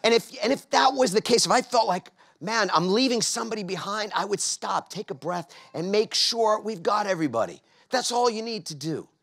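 A middle-aged man from New York delivers a motivational talk at a large conference. His voice sits a little high and rises and falls with lively energy. He keeps prompting the audience to answer him back. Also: normal speed, hardly any pauses. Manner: energetic, engages audience with call-and-response questions. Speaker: keynote speaker. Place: large conference stage before a live audience.

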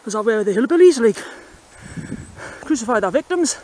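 A man's voice: very high-pitched, animated, normal speed. A man joking dryly as he rambles through a rural valley, talking to the camera while he walks outdoors. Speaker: vlogger. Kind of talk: walking vlog commentary. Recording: loud wind and outdoor noise.

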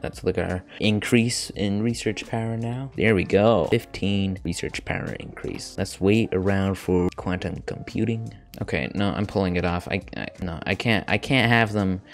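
A man's voice: low voice, gravelly. A young man giving casual, jokey gameplay commentary on a desk mic, swearing bluntly as he plays. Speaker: gaming YouTuber.

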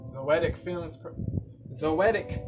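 A man hosting a casual reaction video, talking in excited slang and repeating himself as he breaks down what he hears. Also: fairly high pitch, takes it slowly, rough recording. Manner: hyped slang-heavy talk, repeats himself. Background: music playing.

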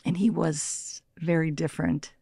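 A gravelly-voiced woman in her sixties tells personal stories in a soft, reflective way. She often drops almost to a whisper and laughs lightly. The recording is dry and close. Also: low-pitched, level tone, unhurried, dry recording. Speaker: interview guest, meditation practitioner.

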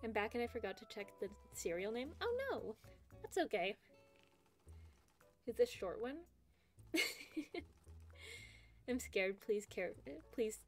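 A woman's voice: on the high side, big pitch swings, measured pace, long pauses. A young woman streaming a game, chatting casually and giggling often as she reads chat aloud. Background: game music.

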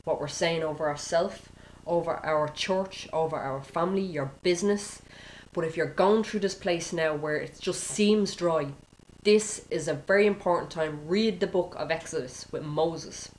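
A woman's voice: low voice, normal speed, a little mellow, slight background noise, rough recording. A woman preacher giving an informal sermon, peppering it with "you know" and "okay?" and acting out prayers. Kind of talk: conversational sermon.

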